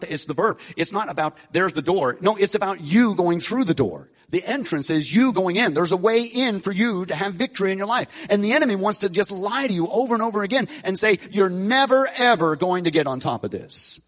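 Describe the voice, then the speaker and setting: A middle-aged male pastor preaching a sermon, building to emphatic peaks with frequent restarts and fillers. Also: fairly high pitch.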